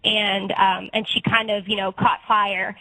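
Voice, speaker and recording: A woman's voice: medium pitch, little pitch movement, unhurried, pushed and bright, no room sound, low-quality recording. A woman in her twenties, a guest actress and singer, chatting casually in an interview and laughing often between phrases.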